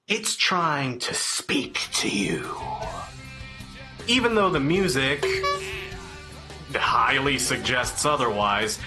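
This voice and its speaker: A man giving an opinionated, sarcastic review of a song, exasperated and crude in his wording. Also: medium pitch. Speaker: music reviewer.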